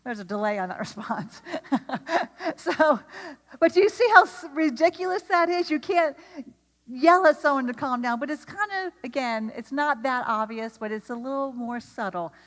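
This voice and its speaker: A woman with a fairly high voice leads a lively workshop for teachers and keeps putting questions to the room. Her voice carries a long reverb from the lecture hall around her. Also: moderate pace. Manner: animated, asks the audience questions. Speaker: speaker at an educator training.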